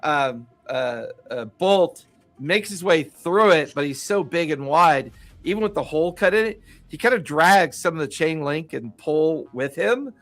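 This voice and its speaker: A man's voice: a little high, expressive, a little slow, a bit bright. A man narrating a tabletop role-playing game as game master over a voice call. He laughs often and fills his narration with ums and uhs. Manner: chuckling, loose, filler-heavy narration.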